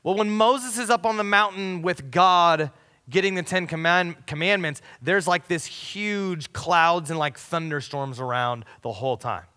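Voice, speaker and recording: A youth pastor preaching in a bright, cutting voice pitched a little high. He talks casually to the students, dropping to a hush at times, and his words trail off into a long reverb in a large church auditorium. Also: measured pace. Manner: casual and conversational, swinging from loud to hushed. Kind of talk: sermon.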